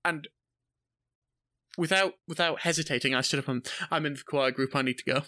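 A man's voice: a little high, brisk. A Scottish man casually telling a school story, swearing freely and acting out the people in it. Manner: animated, swears freely, acts out voices in anecdotes.

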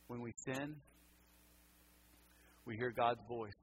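A pastor preaching a sermon, repeating words and swinging between loud passages and hushed ones. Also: male voice, a little high, animated, moderate pace, a little hiss or hum, low-quality recording.

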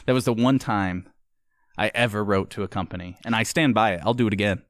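A man telling a story in casual chat, animated and acting out the voices of the people in it. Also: fairly low pitch, brisk, no room sound, clean studio sound.

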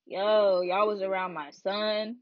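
Speaking slowly in a medium-pitched voice, a young woman shares her personal story in a dry, muffled recording. Her candid monologue is blunt and frank, yet animated, with frequent laughter and asides.

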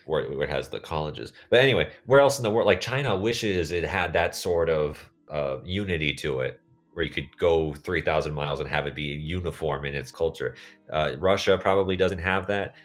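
A man's voice: very deep voice, normal speed, faint music behind. A man co-hosting a podcast in casual chat, rambling from tangent to tangent. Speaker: podcast co-host.

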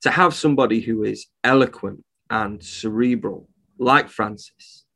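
A man's voice: mid-range voice, measured pace, gravelly, sharp tone. Man, indignant, blunt, sweary, casual podcast chat. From United Kingdom. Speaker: reptile shop owner, podcast guest.

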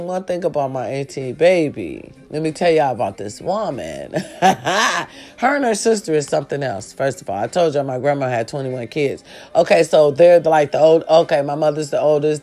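A woman, telling comic family stories in a profane, animated way, swinging from hushed sincerity to loud shouting. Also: fairly low pitch. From American South. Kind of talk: casual comedic storytelling monologue.

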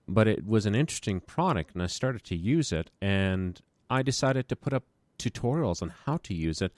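A man's voice: on the low side, expressive, normal speed, darkish tone, no echo. A man who runs a small business, chatting casually and rambling through stories with a self-deprecating humor. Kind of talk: casual podcast conversation.

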